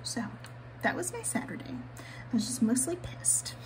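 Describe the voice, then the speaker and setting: A woman's voice: a little high, very animated, moderate pace, noisy background. A woman vlogger chatting candidly while she decorates her planner, swearing casually and laughing often.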